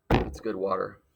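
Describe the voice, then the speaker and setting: A man's voice: deep voice, creaky, a bit bright. A male teacher giving a playful lecture with frequent joking asides. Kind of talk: jokey classroom lecture.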